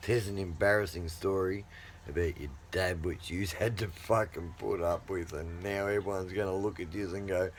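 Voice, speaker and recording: A middle-aged man vlogging as he tells a long, rambling family story. He swears constantly and swings from loud bursts to low mutters. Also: steady tone, moderate pace, faint music behind. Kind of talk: casual storytelling.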